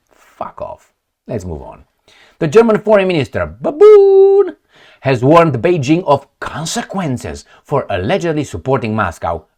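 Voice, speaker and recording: Brief: male commentary host, sarcastic and crude, pitch swings all over. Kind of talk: casual political commentary.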